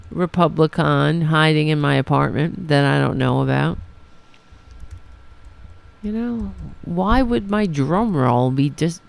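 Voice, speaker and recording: A woman's voice: low-pitched, creaky. A woman hosting a casual live-stream talk show, flustered, swearing and stumbling over her words. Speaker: host.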